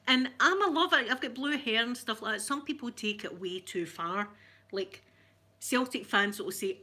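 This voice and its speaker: A middle-aged Scottish woman hosts a casual livestream, her medium-pitched voice bright and forceful. She rambles chattily through a live-chat rant, laughing often and greeting viewers by name.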